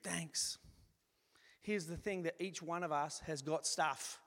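A man preaching a sermon in an animated, conversational way, acting out little asides as he goes. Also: on the high side, normal speed. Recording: long reverb of a large hall.

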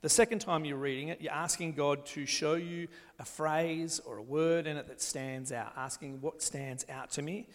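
A man preaching a sermon, talking his congregation through scripture reading and reading a psalm slowly and gently. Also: on the high side. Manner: gentle, slows down to read scripture aloud. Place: church hall. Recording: long echo of a large hall.

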